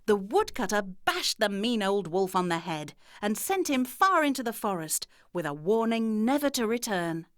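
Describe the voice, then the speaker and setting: A woman narrating children's fairy tales in an expressive storytelling manner. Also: medium pitch, moderate pace, few pauses, dry recording, clean studio sound.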